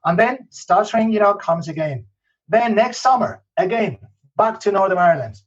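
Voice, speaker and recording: A man's voice: high voice, animated, moderate pace, husky, dull audio. Spanish-accented man telling stories. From Spain. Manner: peppers talk with "okay?" and "you know", frequent restarts. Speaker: podcast guest. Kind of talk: casual interview storytelling.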